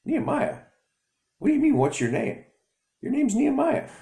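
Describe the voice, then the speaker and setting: A man's voice: mid-range voice, sing-song, measured pace, vocal fry, voice pushed up, heavily acted. A man voicing a patient, reassuring mother. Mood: puzzled. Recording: echoey room.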